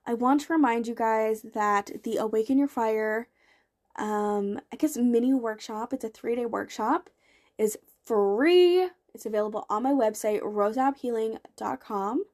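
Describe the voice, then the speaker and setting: A woman's voice: on the high side, slow pace, darkish tone. A young woman hosting a motivational podcast, talking earnestly and encouragingly with repeated emphasis. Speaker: podcast host and life coach.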